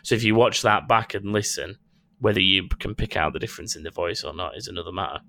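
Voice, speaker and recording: A man's voice: deep voice, fairly even intonation, fast talker, gravelly, sharp tone, dry recording. A man hosting a casual gaming news chat, rambling with many ums and restarts. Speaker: podcast host.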